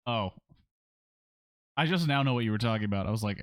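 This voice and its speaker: A man's voice: fairly low pitch, lively intonation, fairly quick, no echo. A man streaming a story game, reading its text aloud in a casual way with sarcastic asides and free swearing. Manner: sarcastic, swears freely, breaks into rants.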